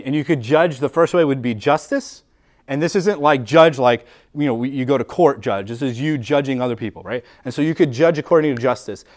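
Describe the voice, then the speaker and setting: A man preaching a sermon in a casual, conversational way, repeating words often and acting out quoted thoughts. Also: a little mellow. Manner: acts out quoted inner voices with rising pitch and volume. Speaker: pastor.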